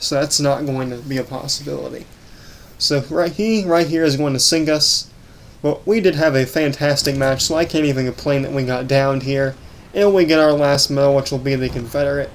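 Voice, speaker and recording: A man narrating casual voice-over commentary on his recorded gameplay, correcting himself and stammering now and then. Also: fairly high pitch. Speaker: gaming channel host.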